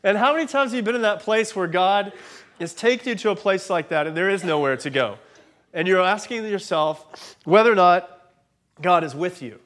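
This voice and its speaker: A man in his forties preaches in a high, light voice. He tells a personal story in a chatty, self-deprecating way and laughs as he goes. He sounds a bit congested from allergies. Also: fairly bright tone. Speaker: pastor.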